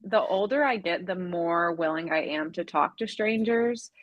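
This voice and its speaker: A woman's voice: lowish voice, unhurried, dry recording, dull audio. Chatty woman in her twenties, dry sound. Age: 20s. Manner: chatty, joking, laughs easily. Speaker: podcast guest. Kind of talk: casual chat.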